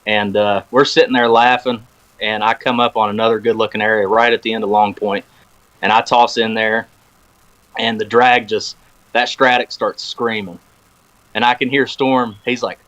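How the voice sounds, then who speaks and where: A man's voice: mid-range voice, normal speed, low-quality recording. Laid-back man telling a long fishing story. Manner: animated storyteller, acts out quoted phone talk. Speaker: podcast guest. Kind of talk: casual storytelling chat. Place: podcast recording room.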